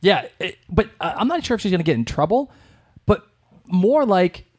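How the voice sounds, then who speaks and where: Excitable man co-hosting a podcast. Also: high-pitched, normal speed, husky. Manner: excitable, gushing. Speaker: podcast co-host. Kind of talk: casual chat.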